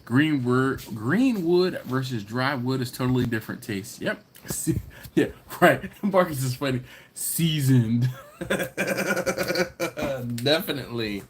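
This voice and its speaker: Animated man hosting a live chat. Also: mid-range voice, normal speed, a little hiss or hum. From Philadelphia. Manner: animated, laughs often, reads comments aloud. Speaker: livestream host reading chat.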